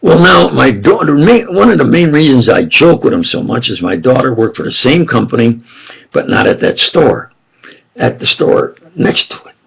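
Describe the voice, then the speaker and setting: Older guy rambling jokey stories, pitch jumps all over, real raspy. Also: sing-song, moderate pace, low-quality recording. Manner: rambling, jokey, asks "you understand?". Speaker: self-styled preacher. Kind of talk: rambling personal storytelling.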